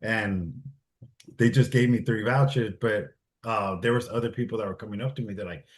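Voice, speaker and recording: A man's voice: on the low side, normal speed. A man in his forties, a Marine veteran guest, telling long stories in a loose, rambling way and acting out the other people in them. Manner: loose and rambling, heavy use of "like" and "I'm like"; acts out the voices of others in his story. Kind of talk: casual interview storytelling.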